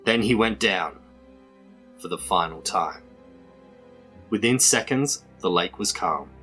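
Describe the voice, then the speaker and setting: A man reading a children's adventure book aloud in a measured storytelling manner. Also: low-pitched, animated, sharp tone, soft background music. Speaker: storybook reader.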